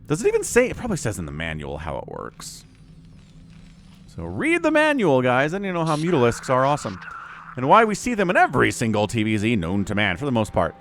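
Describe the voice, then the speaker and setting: A man's voice: medium pitch, a bit bright, slight background noise. A man giving casual solo commentary on a strategy game match, chatty and speaking to his viewers. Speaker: StarCraft shoutcaster.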